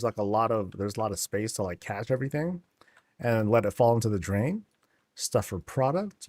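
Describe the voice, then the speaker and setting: A man's voice: medium pitch, a little mellow, slightly rough, dry recording, studio quality. A man streaming a game, chatting casually and rambling with many fillers as he tours homes.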